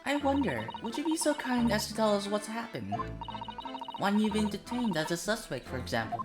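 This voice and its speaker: Polite soft-spoken young assistant gal, woman reading her, game music behind. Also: mid-range voice, big pitch swings, moderate pace, natural voice. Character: gentle, proper young female legal assistant.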